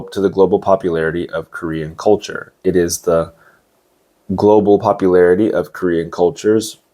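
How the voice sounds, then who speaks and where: Deep-voiced man teaching English news words. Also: mellow. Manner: explains words slowly, adds asides and checks. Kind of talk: news vocabulary lesson.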